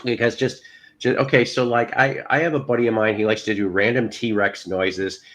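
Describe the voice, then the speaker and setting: A man's voice: fairly low pitch, steady tone, normal speed, a bit bright, rough recording. A man co-hosting a casual show, rambling through crude jokes and repeating himself. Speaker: podcast co-host. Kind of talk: casual joking chat.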